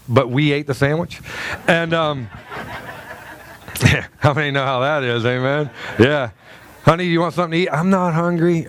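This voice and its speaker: A middle-aged man preaching a sermon as a pastor, telling a story in a loose, conversational way with many fillers and restarts. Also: fairly high pitch.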